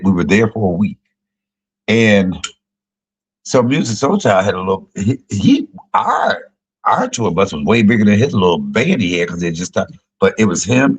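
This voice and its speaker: Deep husky man telling stories. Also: low-quality recording. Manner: profane, joking, jumps high in pitch for quoted voices. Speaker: comedian and YouTube cook. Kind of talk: casual storytelling livestream.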